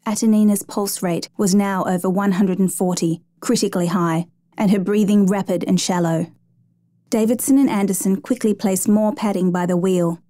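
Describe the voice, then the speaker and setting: A woman tells a true rescue story in a steady, measured storytelling voice that is warm, mellow and mid-range. The recording is close and dry, with no echo or surrounding room.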